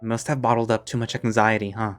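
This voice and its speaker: A man voicing a calm young male friend who coaxes and soothes, in a visual novel. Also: fairly low pitch, quick pace, soft background music, lightly acted. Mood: soothing. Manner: soothing, coaxing.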